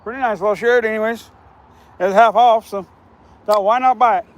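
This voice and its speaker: Hoarse chatty man, high voice. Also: steady tone, moderate pace. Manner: chatty, rambling, repeats himself. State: hoarse, scratchy throat. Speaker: fishing livestream host. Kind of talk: casual live-stream chat. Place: outdoors on a riverbank.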